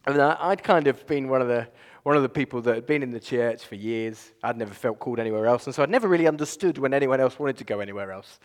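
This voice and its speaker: A man preaching a sermon as a pastor, conversational and animated, with many filler phrases. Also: mid-range voice, fast. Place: church. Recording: long reverb of a church hall.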